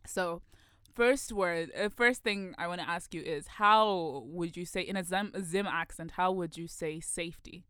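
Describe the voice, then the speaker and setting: A woman's voice: lowish voice, a little slow, a bit bright, smooth, dry recording, clean studio sound. A young woman from Zimbabwe co-hosting a podcast, asking rambling questions full of fillers in a casual chat. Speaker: podcast co-host. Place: radio podcast studio.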